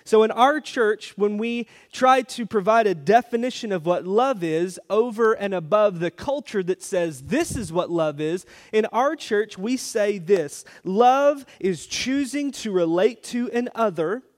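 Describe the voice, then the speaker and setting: A man's voice: high-pitched, lively intonation, unhurried, hardly any pauses. A man pastor preaching a sermon, telling a family story with playful asides and repeated phrases.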